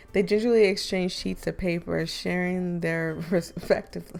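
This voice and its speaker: A woman's voice: fairly low pitch, steady tone, a little slow, creaky, darkish tone, soft background music. A woman reading as a weary teenage boy narrator. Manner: dry, sighing narration.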